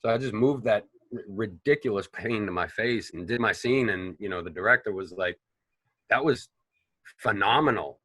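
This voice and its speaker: Man, lowish bright voice, dry sound, animated swearing storyteller. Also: fairly quick, no echo. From Boston, United States. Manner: animated, profane, rambling storyteller. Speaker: actor guest. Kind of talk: casual interview storytelling.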